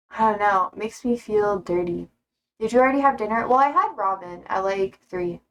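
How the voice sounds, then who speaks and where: A young woman streamer chatting casually, reading out viewer comments, blunt and quick to swear and laugh. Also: mid-range voice.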